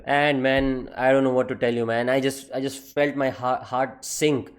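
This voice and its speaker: A young man telling a comedic personal story in an animated, profane and exaggerated way. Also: medium pitch, normal speed, hardly any pauses.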